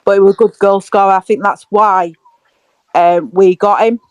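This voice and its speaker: A woman's voice: medium pitch, steady tone, moderate pace, darkish tone, clear, resonant tone, no echo. Giggly woman, chatty. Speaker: podcast co-host. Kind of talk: casual fan chat.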